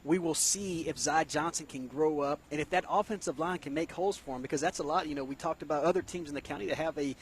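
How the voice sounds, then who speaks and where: Male analyst, fast and slightly high, faint background noise. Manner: halting starts, analytical. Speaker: color commentator. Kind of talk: high school football commentary.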